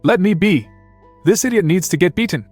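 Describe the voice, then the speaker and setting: A man's voice: sits high, animated, a little fast, no room sound, soft background music, voice pushed up. A man doing a furious, hot-tempered brawler. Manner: shouting, furious.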